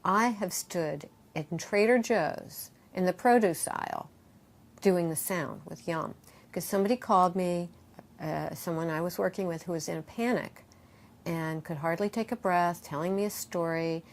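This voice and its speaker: A middle-aged woman, a yoga teacher and author, talks in an interview in a lively, expressive way, acting out quoted voices and guiding breathing exercises. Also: lowish voice, moderate pace. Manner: animated, acts out quoted voices, guides breathing.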